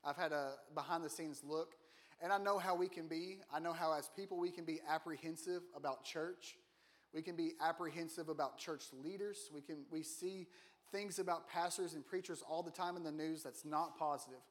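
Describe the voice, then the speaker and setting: Man, high voice, casual sermon, jokes, quizzes the congregation, church auditorium. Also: steady tone, normal speed. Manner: joking, asks the congregation questions. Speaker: guest preacher.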